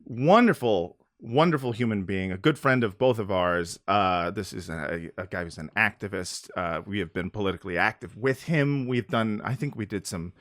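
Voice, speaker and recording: A man's voice: lowish voice, normal speed, hardly any pauses, fairly bright tone, no room sound, studio quality. A man hosting a podcast in casual chat, joking and rambling with his co-hosts. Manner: joking, rambling, drops into a mock New York voice. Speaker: podcast host.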